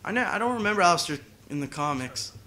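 A man with a slightly high voice chatting loosely over his gameplay. He wanders off onto tangents and talks to his viewers as he goes. His delivery is relaxed and conversational. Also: fast. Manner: rambling, chatty, side tangents. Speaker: gaming channel host. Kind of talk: casual gameplay commentary.

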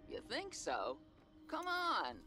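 An actress voicing a gruff, cynical woman survivor in a video game, talking bluntly and prodding. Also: a little high, wildly swooping pitch, slow, over music, heavily acted. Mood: challenging. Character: gruff, tough middle-aged woman survivor, cynical loner.

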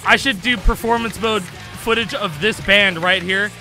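A young man giving casual gameplay commentary, excitable, laughing often and swearing, breaking into shrieks when something amuses him. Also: high-pitched, unhurried, soft background music. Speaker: gaming YouTuber.

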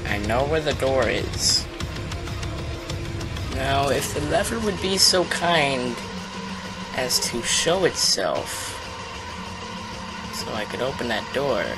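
A young man giving casual, rambling commentary on a shooter game, mocking himself and loudly taunting the enemies. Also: medium pitch, big pitch swings, takes it slowly, pauses often. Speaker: gaming YouTuber. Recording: game music playing behind the voice.

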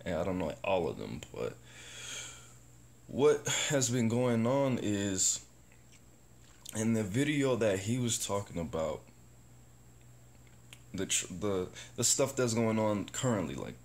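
A man talking to camera in a rambling, profane, casual vlog about positivity. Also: deep voice. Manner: rambling, profane, animated bursts. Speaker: vlogger. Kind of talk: casual self-talk vlog.

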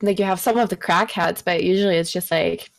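Female guest, relaxed storyteller, gravelly voice, dry mic. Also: on the low side, a little fast, no echo. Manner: laid-back, laughing, telling anecdotes. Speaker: podcast guest. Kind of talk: casual chat.

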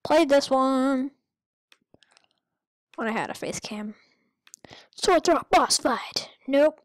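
A higher-pitched woman narrates her own gameplay in a slow, drawn-out way. Her talk rambles and turns goofy, breaking into sudden squeaky outbursts. The sound is dry, with no room around it. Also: no room sound. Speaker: gamer. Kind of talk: let's-play commentary.

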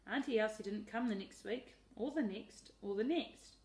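A woman teacher reading a picture book aloud in a lively, expressive way. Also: mid-range voice, moderate pace, hardly any pauses. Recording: roomy echo.

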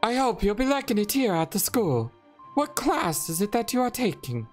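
A woman voicing a kind female healer and paladin teacher, reading game dialogue in a gentle, formal, old-fashioned way. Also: medium pitch, very animated, a little slow, faint music behind, pitched above the performer's own voice. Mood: kindly.

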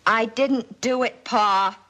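A woman's voice: fairly high pitch, animated, unhurried, a bit bright, rough recording. A young actress playing a shy, frightened teenage girl in a 1950s TV drama, timid and pleading. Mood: desperate.

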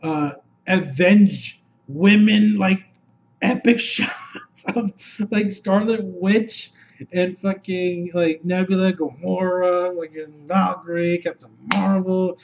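A man with a high voice gushes in a loose, rambling stream, swearing constantly. He talks unscripted, restarting and piling on words. The sound is dull and lo-fi. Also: takes it slowly, a little hiss or hum. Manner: excitable, rambling, heavy swearing. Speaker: movie reviewer. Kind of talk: unscripted video review.

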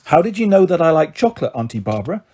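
A shy, earnest young girl, as a man reading a story puts her on. She speaks hesitantly in a raised, slightly husky voice. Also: fairly high pitch, big pitch swings, quick pace, mellow.

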